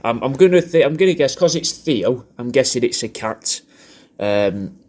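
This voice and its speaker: A man rambles through a casual video message, swearing freely and restarting his sentences. His voice sits at a middling pitch. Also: animated, moderate pace, a little mellow, a little hiss or hum. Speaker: comedian recording a personalised video message.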